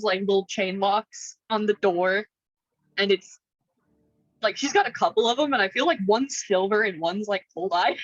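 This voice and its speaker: A woman's voice: mid-range voice, no room sound, highs cut off. A woman playing a tabletop game, chatting loosely with fillers, laughs and swearing. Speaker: player.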